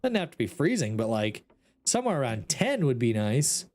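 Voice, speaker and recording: Animated, exasperated male game streamer. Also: medium pitch, moderate pace. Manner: exasperated, talks to his chat. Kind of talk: casual gameplay commentary.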